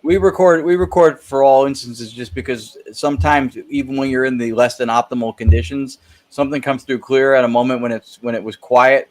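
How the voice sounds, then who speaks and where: A man's voice: medium pitch, steady tone, fairly quick. A man guest in a casual interview, explaining his investigations at length and with enthusiasm.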